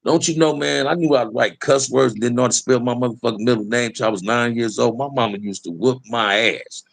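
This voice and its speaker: A creaky voice of medium pitch, moving a little fast, belongs to a middle-aged man from the Los Angeles area. He spins casual, profane tales of his life in a streetwise way, frequently calling the listener "man."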